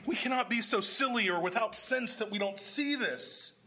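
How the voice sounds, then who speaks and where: A man's voice: sits high, moderate pace, bright, forceful tone, slight background noise. A man preaching a sermon, explaining scripture verse by verse and putting questions to his congregation. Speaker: pastor.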